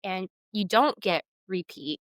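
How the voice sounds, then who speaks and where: A woman's voice: medium pitch, expressive, takes it slowly, dry recording, studio quality. A woman co-hosting a casual sports talk show, enthusiastic and opinionated. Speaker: sports podcast co-host.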